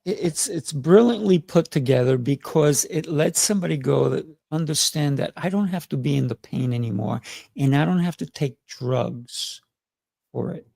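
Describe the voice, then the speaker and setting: Brief: male interview host, gravelly, bright, enthusiastic. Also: a little high, dry recording, studio quality. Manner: enthusiastic, affirming, halting restarts. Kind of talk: casual interview.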